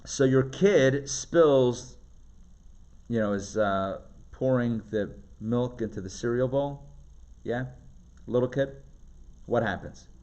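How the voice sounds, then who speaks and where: A man, a rabbi, teaching a live class, chatty and animated, often asking the audience questions and laughing. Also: medium pitch, takes it slowly, long pauses.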